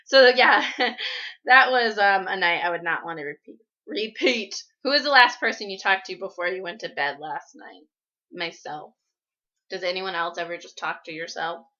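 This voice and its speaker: A woman's voice: fairly low pitch, moderate pace, pushed and bright, muffled recording. A young woman vlogger answering viewer questions and telling stories, chatty, with lots of "like" and laughter. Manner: chatty, laughs often, frequent "like" and "um". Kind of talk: casual storytelling and Q&A. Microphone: laptop.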